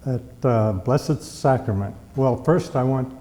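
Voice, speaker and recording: A man in his eighties, plainspoken, recalling his life in short halting phrases during an oral history interview in a library room. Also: mid-range voice, warm tone. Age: 80s. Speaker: interviewee, veteran. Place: library room with long reverb. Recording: reverberant hall, faint background noise.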